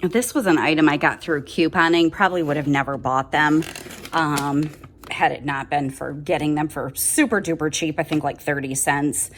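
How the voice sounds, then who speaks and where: A woman's voice: deep voice, steady tone, moderate pace, a bit bright, a little hiss or hum. A woman chatting casually to the camera as a lifestyle vlogger, upbeat and talkative.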